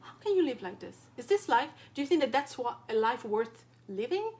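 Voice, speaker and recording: A woman's voice: fairly high pitch, very animated, a little fast, a little mellow. A woman from Europe, a wellness coach, speaking directly and passionately to her support group, full of rhetorical questions. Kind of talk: impassioned direct-to-camera talk.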